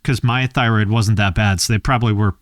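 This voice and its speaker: A man's voice: fairly low pitch, steady tone, brisk. A man hosting a podcast, reacting sympathetically in casual interview chat. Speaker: podcast host.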